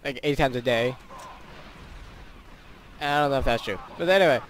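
A man's voice: mid-range voice, fairly quick, a little hiss or hum. A teenage boy giving rambling, goofy commentary over a game he is playing, with silly sound effects. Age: teens. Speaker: gaming YouTuber. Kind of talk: casual gameplay commentary.

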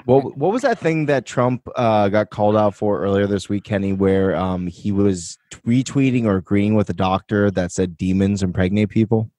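A man's voice: on the low side, normal speed, hardly any pauses, warm tone, no room sound. A man co-hosting a podcast, rambling in loose, profane casual chat and laughing often. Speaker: podcast co-host.

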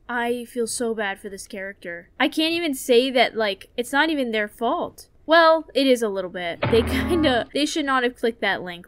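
High-voiced jumpy woman streamer. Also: fairly bright tone, no room sound. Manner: jumpy, nervous and chatty, talking to chat. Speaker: horror game streamer. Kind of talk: gaming commentary.

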